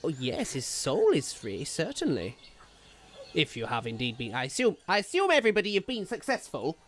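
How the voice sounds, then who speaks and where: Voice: medium pitch, wildly swooping pitch, normal speed. A game master voicing a grumpy, impatient old woman deity who talks in a dry, sarcastic way during tabletop role-play.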